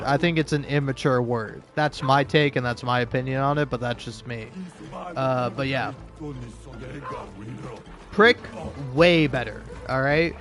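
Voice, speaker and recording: A man's voice: on the high side, a bit bright. Man, casual let's-play commentator, jokey and profane, light game music in the background. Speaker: gaming YouTuber.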